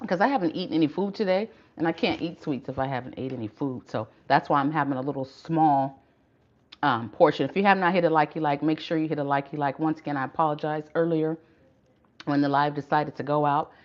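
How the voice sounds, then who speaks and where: A woman's voice: sits low, steady tone, brisk. An older woman hosting a live cooking stream, chatty and encouraging in a folksy way. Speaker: cooking livestream host. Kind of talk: casual live cooking chat. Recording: muffled lo-fi livestream audio, faint room hum.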